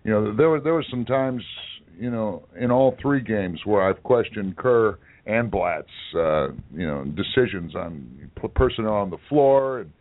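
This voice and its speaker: A man co-hosting a sports talk show in casual chat, halting with many fillers and restarts. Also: lowish voice, expressive. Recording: tinny phone-like audio.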